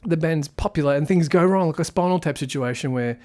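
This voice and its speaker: A man's voice: a little high, a little fast, darkish tone. A man giving a casual spoken film review, rambling and critical as he thinks aloud.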